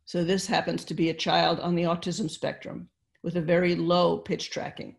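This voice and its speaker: An older woman giving an online webinar lecture, explaining step by step with pauses, fillers and restarts. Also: fairly low pitch, flat delivery, gravelly. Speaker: neuroscience lecturer. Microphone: computer mic on video call.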